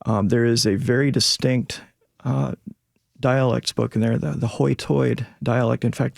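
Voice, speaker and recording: A man with a gravelly, creaky voice, speaking close and dry in a radio studio. He explains things in a measured, lecturing way as an expert guest. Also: medium pitch, no room sound. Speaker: sociolinguist guest. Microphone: studio mic.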